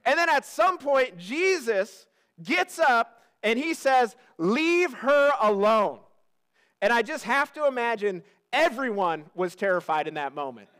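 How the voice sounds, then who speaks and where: Lively high-voiced male preacher. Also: normal speed. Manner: lively, joking, talks to the congregation. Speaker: pastor. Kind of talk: sermon.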